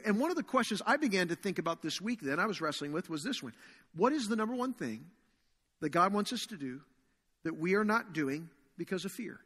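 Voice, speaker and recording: A man preaching a sermon as pastor to his congregation, earnest and slowing down to stress key phrases. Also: high-pitched, fairly bright tone, husky. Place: church sanctuary. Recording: long reverb of a large hall.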